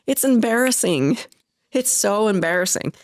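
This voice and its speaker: A woman's voice: mid-range voice, normal speed, dry recording, studio quality. A woman guest in an interview, speaking candidly and telling personal stories with feeling. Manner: candid, tearful at times, animated storytelling. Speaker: guest, health company founder. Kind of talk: emotional interview conversation.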